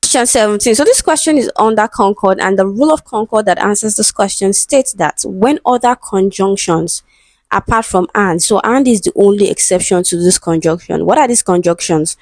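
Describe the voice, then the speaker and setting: A woman's voice: mid-range voice, moderate pace, darkish tone, dry recording. A woman teaching an exam-prep English lesson, patiently working through answer options, saying words aloud and spelling them out, with frequent "okay" and "right?" checks. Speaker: English tutor.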